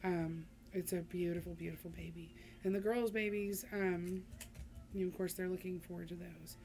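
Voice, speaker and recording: A woman's voice: fairly low pitch, steady tone, normal speed, a little mellow, slight background noise. A middle-aged woman chatting casually to her vlog audience, rambling with many ums and restarts. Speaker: vlogger. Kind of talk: casual chat to camera.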